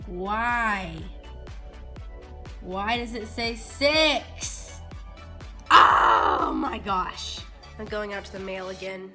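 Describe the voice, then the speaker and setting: A woman filming a casual unboxing vlog on her phone, excitedly talking to her pets. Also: medium pitch, drawn-out words, pauses often, faint music behind. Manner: excitable, squealing baby talk to her pets. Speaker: vlogger with a service dog. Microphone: phone camera.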